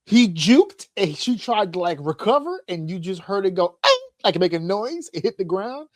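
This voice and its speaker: A man's voice: high voice, moderate pace, no echo, clean studio sound. A man hosting a podcast, telling funny stories in casual chat and acting out voices, laughing often. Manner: animated storyteller, acts out voices, laughs often. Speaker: podcast host.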